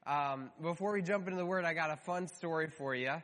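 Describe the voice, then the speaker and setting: A man's voice: on the high side, a little fast, a bit bright, in a large hall. A man in his thirties, a pastor, praying and then preaching with an earnest, story-telling manner and light humor. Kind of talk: prayer and sermon.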